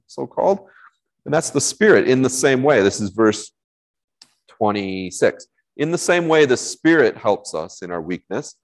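A man's voice: fairly low pitch, darkish tone, low-quality recording. A man preaching a conversational sermon, talking in a casual, rambling way with many fillers and restarts. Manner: casual, rambling, with frequent fillers and self-corrections. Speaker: Bible college teacher preaching.

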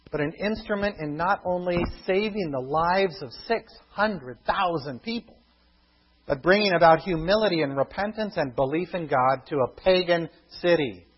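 Guy preaching a sermon, kinda breathy voice, acts out the story, dull muffled recording. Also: a little high. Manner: animated storytelling, acts out the characters' thoughts.

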